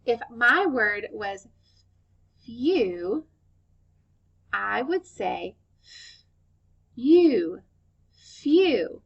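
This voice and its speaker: A woman with a somewhat high, gravelly voice teaches young children to hear the sounds in words. She speaks very slowly, stretching out each sound and encouraging her listeners. The recording is dull and lo-fi. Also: big pitch swings. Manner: slow, clear sound-by-sound modeling, encouraging. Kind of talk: phonics lesson for young children.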